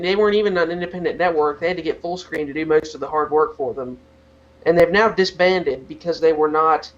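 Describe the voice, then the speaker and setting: The recording is muffled as a teenage boy, his male voice slightly high, co-hosts a podcast. He rambles through a casual rant loaded with "like" fillers.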